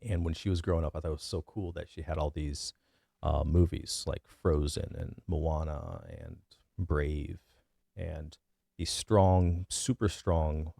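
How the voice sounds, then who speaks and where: Deep gravelly-voiced man rambling. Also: mellow, dry recording, studio quality. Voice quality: deep bass voice. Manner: rambling, many fillers and restarts. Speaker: vlogger. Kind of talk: casual opinion monologue.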